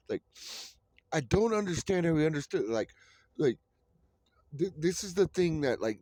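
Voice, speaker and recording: A man's voice: medium pitch, a little mellow, no echo. A man ranting in a vlog from a train, profane and rambling, full of fillers. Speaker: vlogger. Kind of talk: ranting monologue. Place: on a moving train. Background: train noise.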